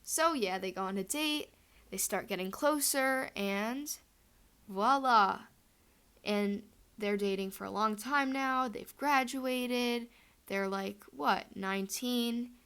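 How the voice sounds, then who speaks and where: A woman's voice: fairly high pitch, slow, fairly bright tone, clear, resonant tone. A young woman telling a fan headcanon story in a chatty, rambling way, full of fillers.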